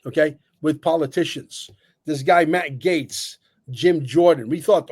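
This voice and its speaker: Blunt, emphatic man with a high voice. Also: measured pace, a little mellow, slightly rough. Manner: blunt and emphatic, cursing, with repeated fillers. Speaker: livestream co-host. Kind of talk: opinionated livestream talk.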